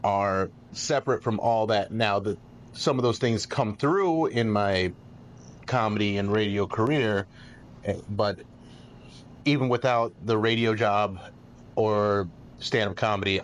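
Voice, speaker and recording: A man's voice: fairly low pitch, a little hiss or hum. A man, a radio host and comedian, chatting casually on a podcast and restarting his sentences often. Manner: rambling, repeats words when starting sentences.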